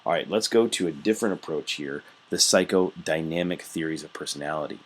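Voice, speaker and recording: A man's voice: a bass voice, fairly quick, slightly rough. A male teacher giving a recorded lecture, explaining with everyday examples in a conversational way with frequent fillers. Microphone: computer mic while scrolling through notes.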